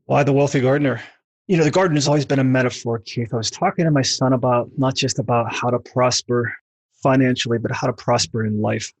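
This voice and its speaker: A middle-aged man, a book author, as a podcast guest telling lively stories and acting out the voices in them. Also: medium pitch, fast, husky, dry recording. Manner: animated storyteller who mimics voices in quoted anecdotes. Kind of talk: podcast interview, storytelling.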